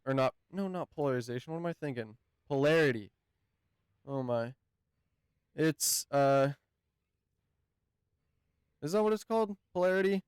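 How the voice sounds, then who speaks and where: Halting man with a smooth, dry voice. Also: mid-range voice, no echo. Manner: hesitant, halting, often searching for words. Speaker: gaming channel host. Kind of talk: casual game review talk.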